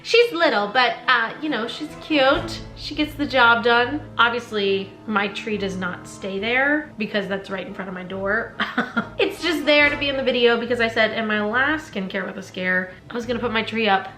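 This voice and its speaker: A woman's voice: a little high, moderate pace, sharp tone. A young woman chatting in a bubbly, giggly way at home while doing her skincare and reading scary stories aloud. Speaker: skincare and scary-story vlogger. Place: home room. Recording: roomy echo with faint background music.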